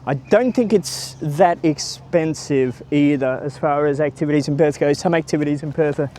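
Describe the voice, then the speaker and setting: Male travel vlogger, casual and rambling, higher pitch, outdoors on the move. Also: normal speed, mellow, a little hiss or hum. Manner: chatty and rambling, greets passers-by. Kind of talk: casual walking tour vlog. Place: outdoors by a city stadium, walking.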